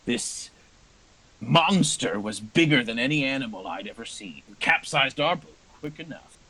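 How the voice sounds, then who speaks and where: A man's voice: medium pitch, expressive, pushed and bright, husky, exaggerated voice, rough recording. A man voicing a dying old bearded man who solemnly tells a story from his youth. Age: older. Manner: slow, grave storytelling.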